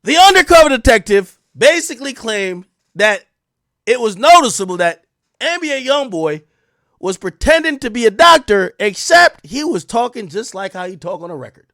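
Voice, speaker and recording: A man giving sarcastic live-stream commentary, mocking as he goes, jumping between loud outbursts and muttered asides. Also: very high-pitched, sing-song, moderate pace, no room sound, clean studio sound.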